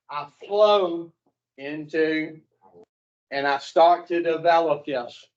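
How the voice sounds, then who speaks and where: Man, recovery group teacher, blunt and profane, questions the group, slow, dull lo-fi sound. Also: a little high. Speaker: addiction recovery counselor. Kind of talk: classroom talk to a recovery group. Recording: dull lo-fi recording.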